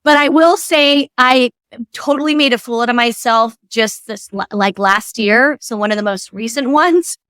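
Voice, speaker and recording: Bubbly high-voiced woman guest. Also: moderate pace, clear, resonant tone, dry recording, studio quality. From Southern California. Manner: animated storyteller, acts out quotes. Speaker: podcast guest. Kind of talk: casual chat.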